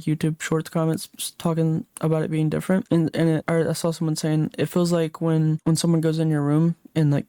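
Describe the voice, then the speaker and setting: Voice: medium pitch, mellow, no echo, studio quality. A young adult livestreamer chatting casually late at night while gaming, rambling and reading chat comments aloud before answering them.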